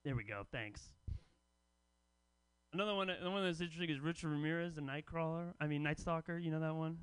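A male stand-up comic with a notably high, smooth, resonant voice. He delivers his set with wry, deadpan asides to the audience. The recording is close and dry. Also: quick pace, no echo. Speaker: comedy festival host and comic.

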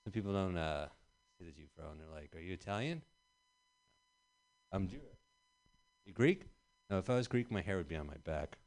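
A man in his thirties performing a rambling stand-up set with deadpan delivery in a small venue. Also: low-pitched, fast talker. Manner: rambling deadpan delivery with bursts of loud emphasis. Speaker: stand-up comedian. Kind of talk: stand-up set at an open mic.

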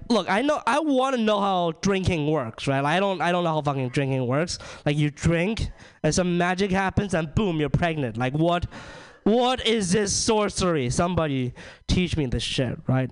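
A man's voice: on the high side, smooth. A young man from China doing a ranting, self-deprecating stand-up comedy set, leaning on "like" and "right?". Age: young adult.

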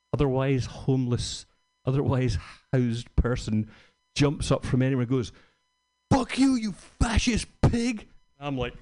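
A man's voice: mid-range voice, mellow. A man doing a stand-up set, telling a rambling, profane anecdote and acting out the quotes. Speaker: stand-up comedian.

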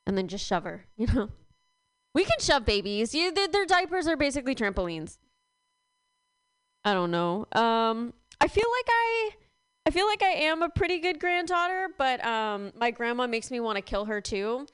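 A young woman performing a rambling, deadpan stand-up comedy set. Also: fairly high pitch, moderate pace, clear, resonant tone, no room sound. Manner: deadpan, rambling with many fillers.

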